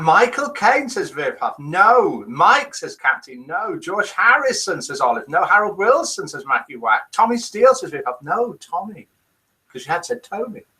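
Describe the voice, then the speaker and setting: A man hosts a relaxed live chat stream, reading out his viewers' comments and guesses one by one. His voice is bright and keeps jumping up and down in pitch.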